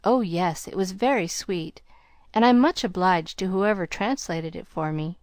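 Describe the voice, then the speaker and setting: A woman reading the lines of a shy, sincere young woman in an audiobook, soft-spoken and timid. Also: fairly low pitch, unhurried, dry recording, studio quality, natural voice. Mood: bashful.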